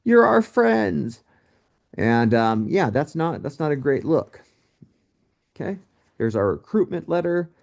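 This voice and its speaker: Delivering a recorded history lecture, a male teacher keeps things relaxed and jokey, his pitch swinging up and down through every sentence. He speaks at a measured pace, pausing often and tossing asides to his students.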